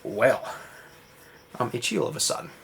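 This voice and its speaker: A man's voice: medium pitch, moderate pace, a little hiss or hum. A man rambling through a casual recap, full of fillers and swearing. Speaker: vlogger. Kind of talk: casual late-night recap chat.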